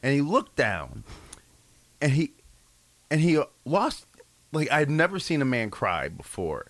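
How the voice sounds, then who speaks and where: A man's voice: medium pitch, wildly swooping pitch, measured pace, no echo. A man co-hosting a radio show, chatting casually with dry, sarcastic teasing. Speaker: radio co-host. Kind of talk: casual on-air chat.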